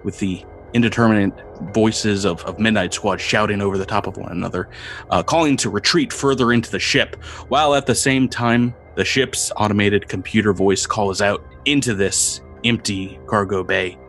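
A man narrating a tabletop game as game master, describing scenes with frequent pauses and repeated words. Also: on the low side, fairly bright tone, faint music behind. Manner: descriptive, halting with fillers and repeats.

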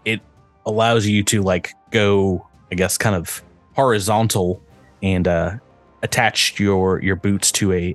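A man with a fairly low voice runs a tabletop role-playing game. He narrates the scene in a halting way, restarting often. His delivery is loose and unscripted. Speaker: game master.

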